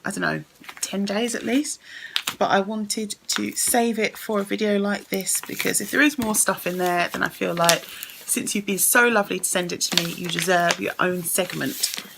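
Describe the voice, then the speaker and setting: A woman's voice: medium pitch, fairly even intonation, moderate pace, creaky, background noise. A young woman chatting casually as she unboxes a gift on camera, effusive and full of thanks. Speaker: beauty vlogger.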